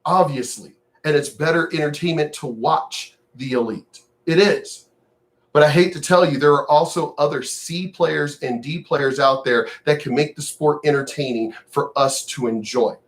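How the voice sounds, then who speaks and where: A man's voice: a little high, moderate pace. An older, retired man who vlogs, ranting to camera in a profane, sneering, mocking way. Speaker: vlogger. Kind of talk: angry direct-to-camera rant.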